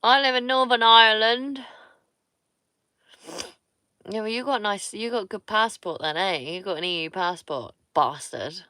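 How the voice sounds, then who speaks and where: A woman, chatting slowly and easily with her livestream viewers. Her voice is bright and crisp, and she is blunt and teasing and swears freely. The sound is close and dry, with no room echo. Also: medium pitch. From Somerset, England. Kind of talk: casual live-stream chat with viewers.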